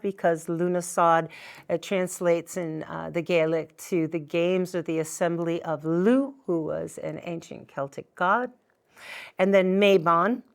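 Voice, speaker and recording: A middle-aged woman hosts a community television talk show from a small studio, speaking in a smooth, clear voice that sits a little low. She explains patiently, leaning on words for emphasis now and then. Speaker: host.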